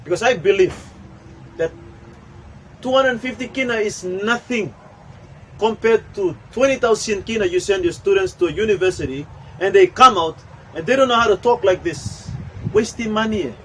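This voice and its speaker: A man's voice: high-pitched, moderate pace, a little hiss or hum, low-quality recording. A man from Papua New Guinea running a workshop, talking in an emphatic, preachy way. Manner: preachy, emphatic, switches into local language. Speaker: workshop trainer. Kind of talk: animated workshop talk. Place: training room.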